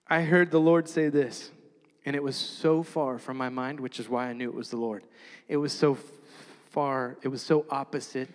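A man telling a personal story in a sermon, animated and self-mocking, often laughing at himself. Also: a little high. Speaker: preacher. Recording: long hall reverb.

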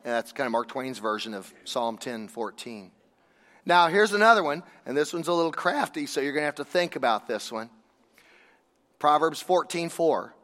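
Preaching animatedly at a moderate pace, the man questions his listeners rhetorically and stresses his points in a relaxed, conversational way. His voice sits fairly high and bright, and the long reverb of a large hall fills the sound.

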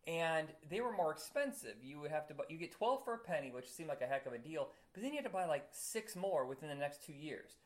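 A man in relaxed conversation on a podcast. He rambles with plenty of fillers and laughs readily. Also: a little high, fast, few pauses. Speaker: podcast co-host. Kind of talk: casual chat.

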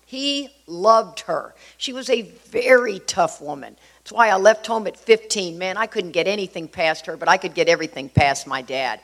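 A woman's voice: medium pitch, animated, moderate pace, hardly any pauses. A middle-aged woman from Texas, sharing a personal recovery story in an earnest, conversational way with many fillers. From Houston, Texas.

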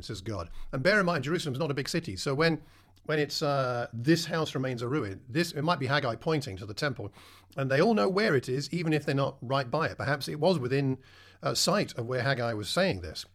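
A man preaching with a gravelly, slightly creaky voice at an ordinary middle pitch. He talks in a conversational way and keeps turning to his listeners with questions. It comes across as a sermon delivered plainly rather than from a script. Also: lively intonation, fairly quick, fairly bright tone.

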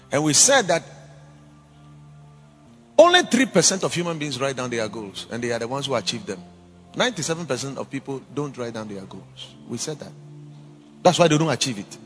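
Animated preacher with a ringing voice. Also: male voice, medium pitch, moderate pace, pauses often, big-room sound, soft background music. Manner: emphatic, swings between loud exhortation and quiet asides. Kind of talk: sermon. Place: church.

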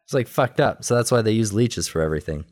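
A man in casual chat, retelling a cartoon episode in a rambling, animated way with quick quoted voices and laughter. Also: on the low side. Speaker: podcast co-host recapping a cartoon episode.

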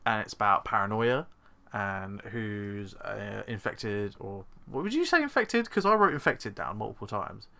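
A man's voice: fairly low pitch, very animated, moderate pace, creaky, sharp tone. A man co-hosting a casual podcast, rambling and teasing as he retells plots. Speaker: podcast co-host. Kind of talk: casual chat.

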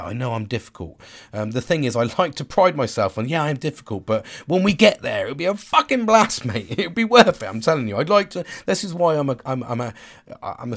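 A man, talking openly and casually to camera, rambling with many restarts and frequent swearing. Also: mid-range voice. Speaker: vlogger. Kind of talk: casual personal monologue.

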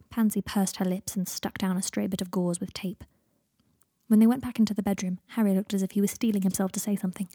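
A woman narrating a fan fiction audiobook in a steady, measured reading voice. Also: mid-range voice, vocal fry, no room sound, studio quality.

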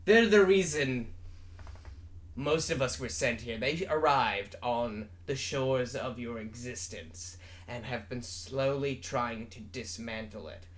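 A man playing a pompous male rock singer who claims to be a god, talking loud and grand in a put-on British accent for an improvised comedy interview. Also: mid-range voice, takes it slowly, natural voice. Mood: grandiose. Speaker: mock interview guest.

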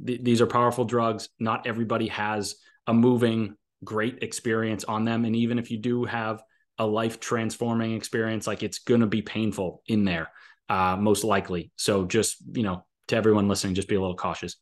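A man's voice: lowish voice, level tone, fairly quick. A man talking casually on a podcast, rambling with lots of fillers and restarts while he shares a personal experience.

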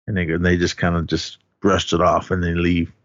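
A man co-hosting a podcast, casually recapping a film and slipping into animated character quotes. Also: low voice, brisk, no echo. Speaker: podcast co-host. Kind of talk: casual movie-recap chat. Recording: dry, slightly muffled podcast audio.

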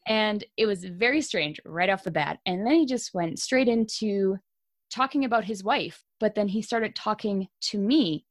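A young Canadian woman co-hosting a podcast, telling a story in a casual, animated way and laughing often. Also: mid-range voice, normal speed, no room sound, clean studio sound. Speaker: podcast co-host.

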